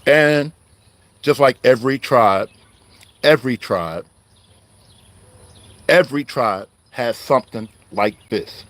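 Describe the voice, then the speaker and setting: A man's voice: medium pitch, slow pace, pauses often, fairly bright tone. A man giving a heated, preachy online call-out, riled up and confrontational, wired on coffee. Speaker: online religious commentator.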